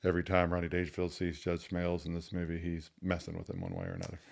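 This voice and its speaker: Male podcast co-host, deep gravelly voice, casual and chatty. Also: quick pace. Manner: conversational, explains at length with restarts. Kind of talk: casual legal discussion.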